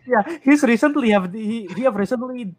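A man hosting a casual podcast chat, animated and rambling, laughing easily. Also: very high-pitched, normal speed. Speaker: podcast host.

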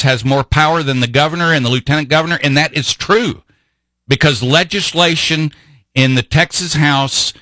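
A man's voice: fairly high pitch, pushed and bright, dry recording, poor audio. A man hosting a talk radio show, delivering an impassioned political monologue full of rhetorical questions. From grew up in Vienna.

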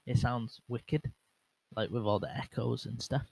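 A man's voice: medium pitch, fairly even intonation, measured pace, vocal fry, slightly rough, low-quality recording. A young man hosting a solo podcast, rambling and self-mocking with lots of fillers and restarts, into a bare microphone. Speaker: podcast host. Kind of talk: casual solo podcast chat. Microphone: bare microphone without windscreen, monitored on headset.

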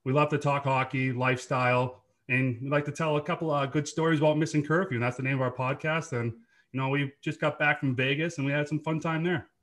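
A man's voice: medium pitch, fairly even intonation, fast, fairly bright tone. A man in his thirties with a Boston accent, a podcast guest chatting casually and laughing often. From Dorchester, Massachusetts. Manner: laid-back, laughs often, swears freely. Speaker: podcast guest, former hockey player. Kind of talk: casual chat.

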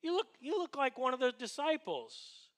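Brief: prying nosy woman, high bright voice, done by a male preacher. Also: sing-song, moderate pace, exaggerated voice. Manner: prying, insistent questions. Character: nosy suspicious woman questioning a stranger.

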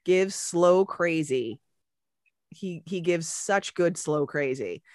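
A woman's voice: fairly low pitch, lively intonation, takes it slowly, noisy background. A woman co-hosting a podcast, retelling movie scenes in casual, profane chat. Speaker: podcast co-host.

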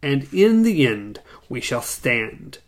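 A man reading aloud as a weathered male gunslinger, slow, measured and grave. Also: mid-range voice, very animated. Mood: solemn. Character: grim weathered male gunslinger, calm and resolute.

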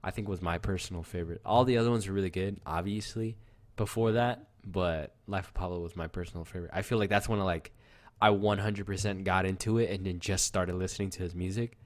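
A man's voice: sits low, steady tone, fast talker. A man co-hosting a podcast, rambling through casual chat with lots of fillers and easily shocked reactions. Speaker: podcast co-host.

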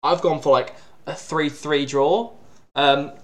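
A man co-hosting a relaxed football podcast. He talks in a lively, joking way and swears casually. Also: a little high, slow pace. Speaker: podcast co-host.

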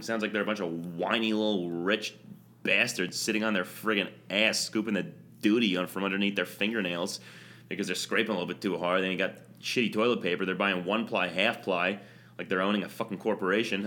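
Brief: New guy, comedy podcast host, low voice, profane, hammy announcer bits. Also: steady tone, a little fast, sharp tone. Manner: crude, mock-announcer showman bits. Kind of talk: casual comedic podcast chat.

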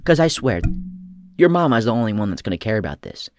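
A young man hosting a crude comedy commentary, swinging from loud shouting bits to a mocking, profane rant. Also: medium pitch, sing-song, fast talker, faint music behind.

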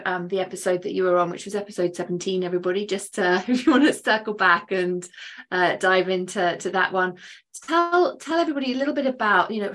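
A woman hosting a podcast over a video call, bubbly and enthusiastic, laughing often. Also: medium pitch. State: out of breath. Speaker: podcast host. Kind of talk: casual chat, then upbeat podcast intro.

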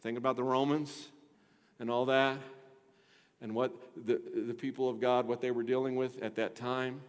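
A middle-aged male pastor preaching a sermon, emphatic, swinging between quiet and loud, questioning the congregation. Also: mid-range voice, level tone, normal speed, clean tone. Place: church sanctuary. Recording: long reverb of a church hall.

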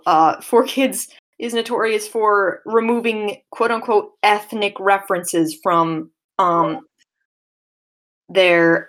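A woman's voice: mid-range voice, a bit bright. A woman co-hosting a podcast in casual chat, hesitant, with many fillers and easy laughter. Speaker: podcast co-host.

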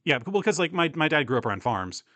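A man's voice: on the high side, big pitch swings, quick pace, bright, forceful tone, no echo. A young man from the US Southeast, co-hosting a podcast in casual chat, rambling and laughing often. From US East Coast and Southeast. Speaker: podcast co-host.

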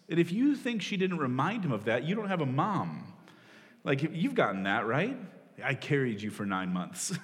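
A man in his forties, a pastor preaching a sermon in a loose, conversational way, often laughing at himself. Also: fairly high pitch. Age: 40s. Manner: conversational, self-deprecating, with frequent laughs and restarts. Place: church hall. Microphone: stage microphone. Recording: long reverb of a large hall.

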